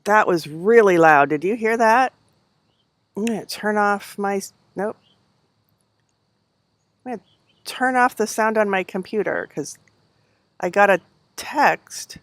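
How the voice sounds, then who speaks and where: A woman's voice: medium pitch, measured pace, pauses often, no room sound. A middle-aged woman hosting a casual livestream from home on a headset mic, chatty and rambling with lots of fillers. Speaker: knitting livestream host. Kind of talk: casual chat.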